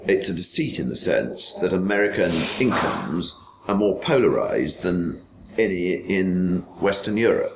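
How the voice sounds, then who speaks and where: A man gives commentary in a documentary interview. He talks slowly and deliberately in a low voice, pausing and hesitating often, over faint background noise. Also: animated. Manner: slow and measured, with many hesitations.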